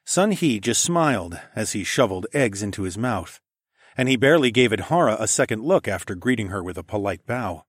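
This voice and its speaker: A man reading a first-person novel aloud in a calm, even storytelling manner. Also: lowish voice, a little fast, slightly rough, dry recording, clean studio sound. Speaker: audiobook narrator. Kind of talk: first-person scripted narration.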